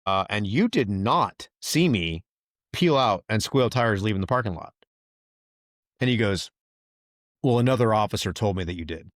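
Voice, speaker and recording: A man with a low voice tells his story casually and animatedly, and his voice rises when he acts out what others said. The recording is dry and close, with no room echo. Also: normal speed, pauses often. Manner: animated retelling, quotes others in raised voice. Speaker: podcast host, veteran.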